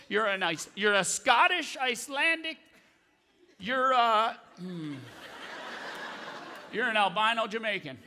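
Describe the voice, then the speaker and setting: A man doing an excitable, profane stand-up set on a large theatre stage, riffing on the crowd. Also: sits high, slight background noise. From Canada. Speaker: stand-up comedian. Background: audience laughter.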